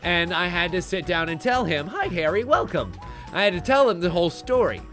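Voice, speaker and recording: A man's voice: high-pitched, lively intonation, quick pace, a bit bright, faint music behind. A man streaming a party game live, chatting playfully and sarcastically with his audience. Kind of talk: casual live-stream commentary.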